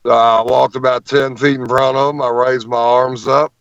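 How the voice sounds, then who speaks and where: A man, a guest on an interview show, telling a long story in an animated way and often repeating words as he goes. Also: mid-range voice, moderate pace, dry recording, lo-fi sound.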